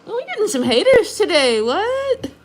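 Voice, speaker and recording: A woman nail artist chatting casually on a livestream, animated and full of "like", talking while she works in her nail studio. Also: extremely high pitch, normal speed, poor audio. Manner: chatty, animated, says "like" often. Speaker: nail artist streaming live.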